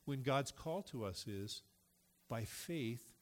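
A man's voice: medium pitch, lively intonation, slow. A middle-aged man, a pastor, preaching a sermon in a loose, conversational way and reading Scripture aloud.

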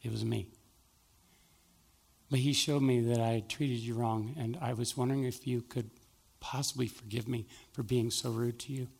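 Gravelly-voiced pastor telling a story. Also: male voice, mid-range voice, normal speed. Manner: animated storyteller acting out both sides of a dialogue. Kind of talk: sermon with storytelling.

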